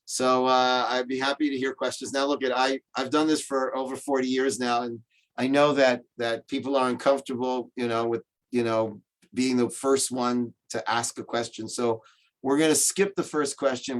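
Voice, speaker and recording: Guy on a zoom call giving a funny storytelling talk, mid pitch, cracks jokes as he goes. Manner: joking, animated storyteller. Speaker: rabbi teaching over video call. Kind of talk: humorous storytelling lecture. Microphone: video call.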